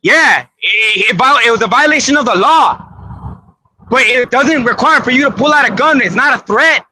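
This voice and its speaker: High frightened man pleading, crying. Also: expressive, normal speed, sharp tone, low-quality recording. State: crying, shaken. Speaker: citizen filming a police stop. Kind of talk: pleading confrontation on camera. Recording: played video clip.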